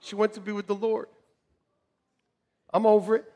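A middle-aged man preaching a sermon to a congregation, joking and animated, swinging from shouts to quiet asides. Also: sits high, normal speed. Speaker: pastor. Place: church hall with congregation. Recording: long reverb of a church hall.

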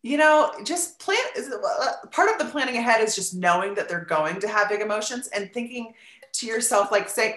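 A woman's voice: on the high side, animated, moderate pace, fairly bright tone. Earnest chatty woman in an echoey room. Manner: earnest, talkative, many "you know" fillers. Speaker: podcast guest, parenting advice. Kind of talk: casual conversation.

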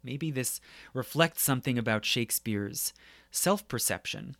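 A man with a mid-range voice delivers a literature lecture in a relaxed, conversational way, often pausing to check that his listeners are following. The sound is close and dry, with almost no room around it. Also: mid-range voice, gravelly, dry recording. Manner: conversational, tags points with "right?". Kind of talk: academic lecture.

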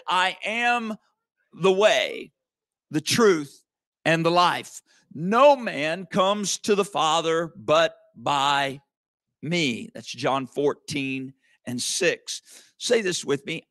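A male preacher gives an emphatic sermon in a fairly high voice. He keeps turning to his listeners with quick asides, and the recording is dry and close. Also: fairly bright tone, dry recording. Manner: emphatic, calls to the congregation with asides like "okay?" and "amen".

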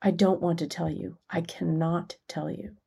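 A woman reading out the lines of a frightened, childlike young woman who is lost and sobbing, in halting, plain phrases. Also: fairly low pitch, steady tone, gravelly, warm tone, slightly rough, exaggerated voice.

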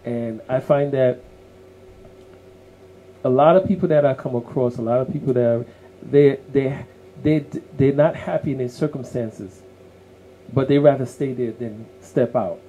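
A man's voice: medium pitch, unhurried, dark tone, muffled recording, a little hiss or hum. A man co-hosting a casual podcast conversation, speaking in an earnest, motivational way and repeating words as he works toward his point. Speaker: co-host.

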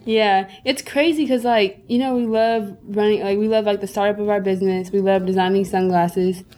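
An enthusiastic young woman from Minnesota speaks as a guest on a podcast. Her pitch sits in the middle, and she talks freely with plenty of "like" and "you know". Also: fairly even intonation, normal speed, a little mellow. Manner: enthusiastic, uses many fillers. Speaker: guest, eyewear designer. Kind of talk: casual podcast interview.

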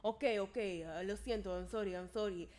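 A woman's voice: medium pitch, fast talker, a little mellow, pitched below the performer's own voice, natural voice. A woman voicing a flustered, apologetic male driver who speaks broken English with a Spanish accent.

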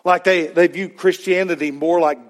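A man's voice: high-pitched, steady tone, moderate pace. A man preaching a sermon as pastor, emphatic, with repeated refrains and rhetorical questions.

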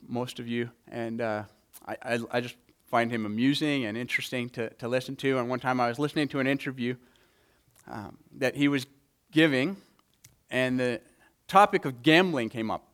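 A man's voice: medium pitch, normal speed, fairly bright tone. A man preaching a Sunday morning sermon, earnest, often repeating words as he presses a point. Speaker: pastor.

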